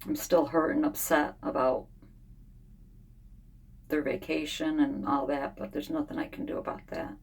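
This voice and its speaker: This fiftysomething woman vlogs from her home sauna in a casual diary style, worn out, ill and annoyed. She talks in a low, creaky, level tone, wandering and pausing frequently.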